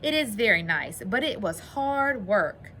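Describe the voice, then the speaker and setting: A woman voicing a calm, wise male frog who patiently explains things in a storybook read-aloud. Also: mid-range voice, measured pace, slight background noise.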